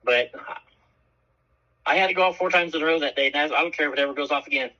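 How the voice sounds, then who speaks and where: A man's voice: a little high, quick pace, highs cut off. A man co-hosting a radio show, telling a story in a casual, profane way and acting out the voices of the people in it. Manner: animated, profane, acts out quoted voices.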